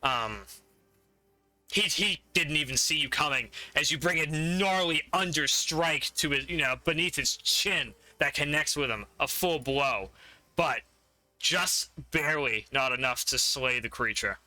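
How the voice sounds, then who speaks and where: A man with a very bright, forceful voice runs a tabletop game as game master. He narrates the combat in vivid detail and laughs often. The sound is dry and close. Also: fairly high pitch, unhurried, dry recording.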